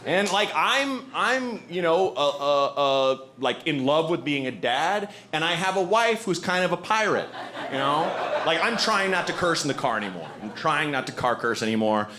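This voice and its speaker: A man performing a stand-up set, telling animated stories and acting out other people's voices on a handheld stage mic. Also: a little high, normal speed. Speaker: stand-up comedian. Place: comedy stage with audience. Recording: live show with audible background noise.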